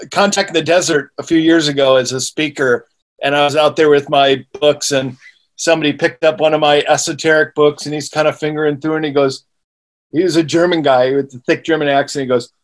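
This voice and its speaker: Author guy on a podcast, voice a bit high, steady explaining, some little restarts. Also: fairly quick. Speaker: author and guest. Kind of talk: interview.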